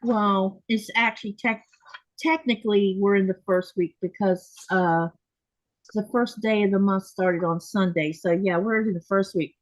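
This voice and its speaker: A woman chatting casually at her home sewing desk as a show host. She rambles along, restarting her sentences and laughing easily. Her voice sits at a middle pitch, and the sound is dry and close. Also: steady tone, unhurried, dry recording, poor audio. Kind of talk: casual chat while sewing.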